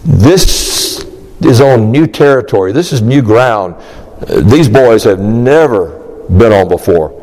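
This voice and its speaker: A man preaching an expository sermon, emphatic and animated, acting out the disciples' questions. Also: fairly low pitch, slow pace, long reverb tail, rough recording.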